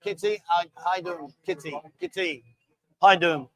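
Speaking a little slowly in a high, fairly bright voice, a man hosts a casual live bar show, jokey and bossy, coaxing guests into quizzes and drinking games and calling everyone darling. It's a low-quality recording.

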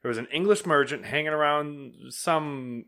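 Guy telling a history story, laid-back and cursing, bright punchy voice. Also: on the high side, moderate pace.

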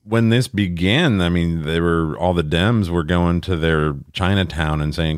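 Older guy hosting a podcast, real deep voice, dry jokey delivery. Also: moderate pace, hardly any pauses, clean tone, no echo. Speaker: podcast host. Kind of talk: casual podcast banter.

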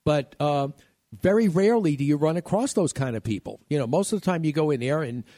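A man's voice: a little high, animated, brisk, mellow, no room sound. Male radio host, from New York, casual chat, dry close studio sound. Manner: chatty, laughing, rambling.

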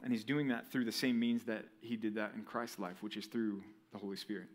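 A young man preaching a sermon to a college group, with a lively, conversational style full of rhetorical questions. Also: fairly low pitch, fairly quick. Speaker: pastor.

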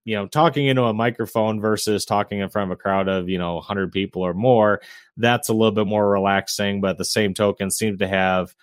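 Low-voiced easygoing man on a podcast. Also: steady tone, fairly quick, no room sound, studio quality. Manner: easygoing, chuckles often, many fillers. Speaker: podcast guest, real estate investor and realtor. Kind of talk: casual interview chat.

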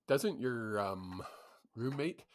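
A man's voice: mid-range voice, expressive, takes it slowly, slight background noise. A man co-hosting a casual hockey podcast, swearing and laughing through the banter. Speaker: podcast co-host.

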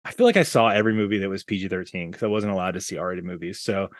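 A man's voice: deep voice, expressive, racing, dry recording, clean studio sound. A man hosting a casual movie podcast, talking in a rambling way and laughing as he speaks. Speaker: podcast host.

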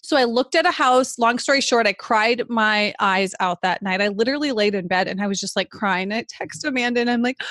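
A woman, co-hosting a podcast and telling a story in animated, casual chat full of "like" fillers. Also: fairly high pitch, moderate pace, dry recording. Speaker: podcast co-host.

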